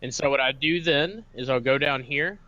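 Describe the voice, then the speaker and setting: A man's voice: medium pitch, normal speed, sharp tone, dull audio. A man co-hosting a podcast, patiently walking the others through the rules of a board game. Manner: patient, methodical, walks through steps. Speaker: podcast co-host explaining rules. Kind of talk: casual rules explanation.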